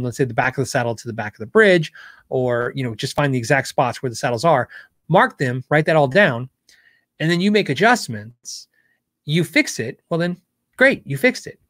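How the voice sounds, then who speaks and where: A man's voice: fairly high pitch, fairly bright tone, dry recording, clean studio sound. A middle-aged man hosting a casual live Q&A show, explaining guitar setup in a conversational way as a guitar tech.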